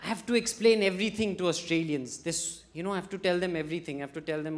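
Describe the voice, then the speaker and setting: A stand-up comedian from India, talking in a chatty, halting way with many fillers on a festival stage. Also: medium pitch.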